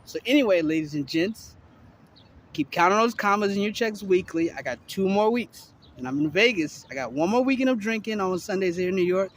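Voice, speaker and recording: A man in his forties from Miami, Florida, rambles to camera out on a city street, swearing freely and padding every thought with fillers. His voice sits a little high for a man. Faint traffic hums behind him. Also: lively intonation, fairly quick. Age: 40s. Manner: loose, profane, heavy filler talk. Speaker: vlogger. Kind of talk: rambling casual monologue to camera.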